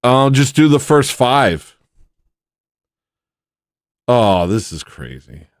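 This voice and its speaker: A man's voice: medium pitch, sing-song, takes it slowly, no room sound, studio quality. A man hosting a livestream, chatting casually with viewers in an exasperated, incredulous, mock-outraged way. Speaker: livestream host.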